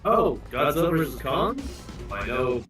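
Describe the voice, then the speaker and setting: An American man from Arizona, joking and telling animated stories as co-host of a casual stream. He sits well back from the mic, and his voice rings out in a very echoey room. Faint music plays behind him. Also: medium pitch, a little slow, recorded from a distance. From Arizona, USA. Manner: animated, joking storyteller who acts out voices. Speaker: co-host guest. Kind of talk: casual livestream chat.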